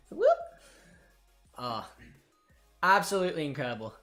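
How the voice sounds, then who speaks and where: Excited young man hosting a match stream. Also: a little high, moderate pace, long pauses, soft background music. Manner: excited, emotional, calls out to viewers. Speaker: host of a football watchalong. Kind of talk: live match watchalong commentary.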